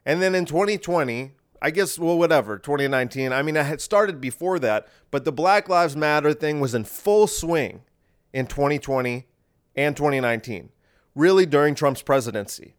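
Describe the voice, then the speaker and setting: A man hosting a podcast, delivering a rambling sarcastic monologue with deadpan asides. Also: a little high, normal speed, smooth. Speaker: podcast host.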